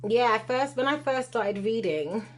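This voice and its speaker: A woman's voice: a little high, lively intonation, unhurried. A woman hosting a casual livestream, chatting with viewers and reading cards. She laughs often and mixes patois with London slang. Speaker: livestream host and card reader.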